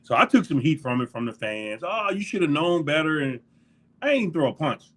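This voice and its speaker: Laughing, animated middle-aged man telling stories. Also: a little high, brisk. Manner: animated storyteller, laughs often, acts out quotes. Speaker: former NFL linebacker, guest. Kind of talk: casual storytelling interview.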